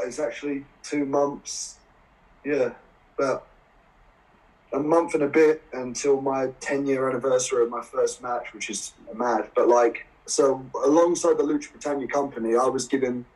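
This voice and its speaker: A man's voice: medium pitch, moderate pace. Chatty Essex man, off-mic. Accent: English, Essex. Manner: animated, laughs often, swears casually. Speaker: guest wrestler. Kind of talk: casual storytelling interview. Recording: voice a bit far from the mic.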